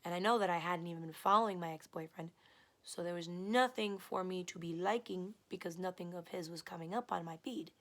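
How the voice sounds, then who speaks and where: A woman vlogging her own story, blunt and profane, her talk swinging from low mutters to loud, exasperated bursts. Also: fairly quick. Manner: heated, blunt and profane, retelling an abusive relationship. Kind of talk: personal storytime vlog.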